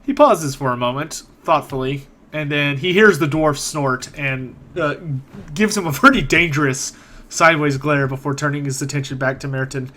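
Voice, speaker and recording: A man narrating a tabletop game as game master, relaxed, with fillers. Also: on the high side, normal speed.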